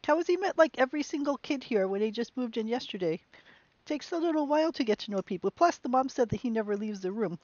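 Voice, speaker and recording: A woman's voice: on the high side, fast talker, no room sound, muffled recording. Chatty woman narrating a horror game. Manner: chatty, musing, with bursts of excitement. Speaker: game streamer. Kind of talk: let's play commentary.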